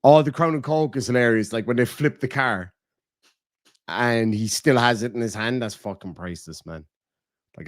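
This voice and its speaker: Irish male streamer, blunt and profane, mid-pitched, dry close sound, casual donation-reading chat. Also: normal speed, no echo. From Ireland. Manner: blunt and profane, animated swings in loudness. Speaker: livestream host.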